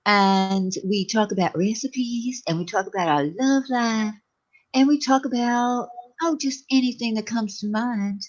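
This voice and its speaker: A woman's voice: fairly high pitch, a little slow, close to an everyday voice. New York woman putting on a Southern belle drawl. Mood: gushing. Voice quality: exaggerated put-on Southern drawl. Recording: slightly dull lo-fi sound.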